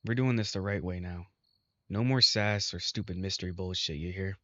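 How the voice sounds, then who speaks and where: A man voicing a rough young male minotaur who scolds bluntly and swears constantly. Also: deep voice, moderate pace, fairly bright tone, no echo, lo-fi sound.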